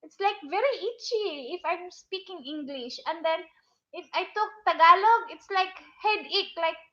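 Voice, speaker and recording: A very high, bright Visayan woman chats slowly and giggles as she greets viewers one by one on her livestream. The recording sounds a little dull. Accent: Filipino, Visayan. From Philippines. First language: Cebuano. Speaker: livestream host. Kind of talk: casual livestream chat.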